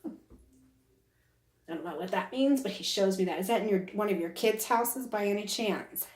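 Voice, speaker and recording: A woman's voice: medium pitch, moderate pace, darkish tone. A woman giving a casual psychic reading who talks on and on and keeps checking "is that correct?". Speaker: psychic medium. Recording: roomy echo.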